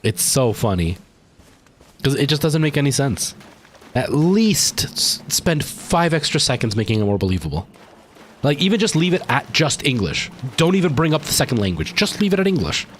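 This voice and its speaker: A man's voice: mid-range voice, big pitch swings, normal speed, slight background noise. A man, streaming a game live, chatting casually and rambling to his viewers, sounding tired. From Canada. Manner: rambling, chatty, talking to chat while playing. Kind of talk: casual gaming stream chat.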